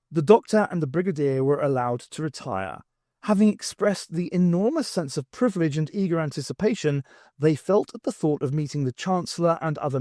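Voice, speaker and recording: A man reading a novel aloud in measured, clear storytelling. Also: fairly high pitch, darkish tone, no room sound, clean studio sound. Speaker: audiobook reader.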